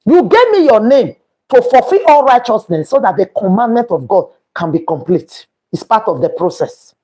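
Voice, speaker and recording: A woman's voice: fairly high pitch, sing-song, normal speed, dark tone, breathy edge. A woman with a Nigerian accent hosting a live stream, talking emphatically and quoting scripture as she repeats her points. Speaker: livestream host. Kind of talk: preachy live-stream talk.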